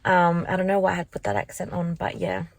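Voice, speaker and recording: A young woman vlogs into her handheld phone from a parked car, chatty and rambling with lots of likes and restarts. She talks fast in a sing-song, creaky voice on the low side, with no room sound.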